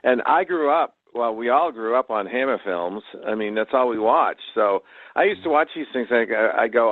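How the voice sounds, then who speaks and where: A man's voice: mid-range voice, expressive, moderate pace. A man chats conversationally about old films, telling stories with easy asides. His voice comes over a tinny, phone-like line. The sound is completely dry, with no room echo. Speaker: podcast co-host. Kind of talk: casual chat about films.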